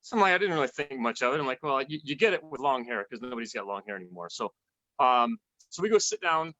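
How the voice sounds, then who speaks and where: A man's voice: mid-range voice, expressive, fast talker, sharp tone, dry recording, dull audio. A man in a band telling a rambling, laughing anecdote with many restarts. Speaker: band musician. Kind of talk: casual storytelling.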